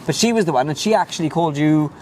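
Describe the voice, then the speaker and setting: A man with a slightly raised pitch interviewing a guest in a relaxed chat. He backs the guest up often and stumbles over his restarts, with faint noise underneath. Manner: agreeable, frequent "yeah" backchannels, halting restarts.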